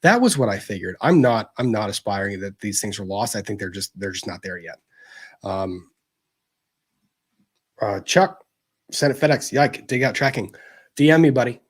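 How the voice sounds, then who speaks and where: A man hosting a livestream, chatting casually and gently as he answers viewer messages, with plenty of fillers and restarts. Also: fairly low pitch, expressive, moderate pace, pauses often, husky.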